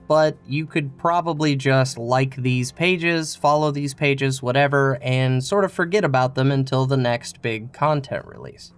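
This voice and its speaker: A man's voice: a little high, clear, resonant tone. A man narrating a scripted game tutorial, explaining in a casual, friendly way. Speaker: game guide creator.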